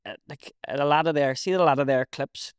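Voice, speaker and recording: Man, West Belfast accent, blunt sweary chat, slightly high voice, dry close sound. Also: brisk, clear, resonant tone, no echo. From Northern Ireland. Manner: blunt, swears a lot, says "mate" often. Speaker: podcast guest. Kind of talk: casual chat.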